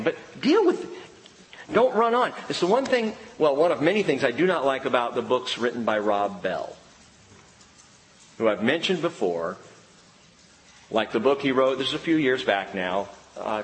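A middle-aged man preaching a sermon as a pastor, animated, with playful asides and stories. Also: mid-range voice, long reverb tail, poor audio.

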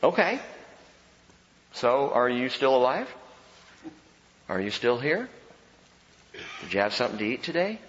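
A man preaching a sermon as pastor, animated and emphatic with humorous asides. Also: mid-range voice, measured pace, long pauses. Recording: dull sound with long hall reverb.

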